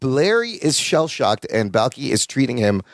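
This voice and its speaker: A man co-hosting a podcast, recapping a sitcom in casual chat, animated and laughing as he acts out quotes. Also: medium pitch, normal speed, slight background noise. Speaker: podcast co-host.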